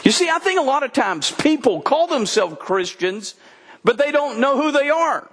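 A man's voice: very high-pitched, big pitch swings, moderate pace, a bit bright, in a large hall. An older man preaching a sermon, telling folksy stories and swinging his voice up and down for emphasis. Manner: folksy storytelling preacher, voice rising and dropping for emphasis. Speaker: pastor.

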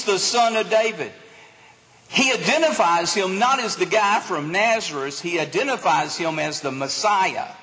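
Animated preacher in a reverberant hall. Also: male voice, high voice. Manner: animated preaching, acts out crowd voices. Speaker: pastor. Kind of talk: sermon.

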